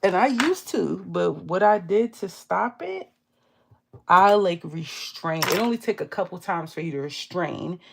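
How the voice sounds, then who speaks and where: Young woman, heavy vocal fry, lowish voice, candid storytime vlog, frequent laughter. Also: unhurried, noisy background. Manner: candid, laughing often, quotes herself in lively voices. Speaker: beauty vlogger. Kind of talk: casual storytime chat.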